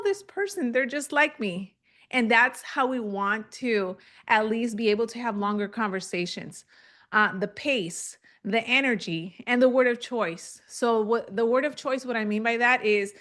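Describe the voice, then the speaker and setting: A woman's voice: fairly high pitch, a bit bright. A young adult woman giving a live online training, explaining to the camera and acting out call scripts. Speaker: real estate coach.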